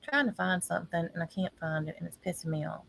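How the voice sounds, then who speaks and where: A woman ranting in casual livestream commentary, exasperated and pausing often with ums. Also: fairly low pitch, creaky, fairly bright tone, low-quality recording. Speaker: online commentator.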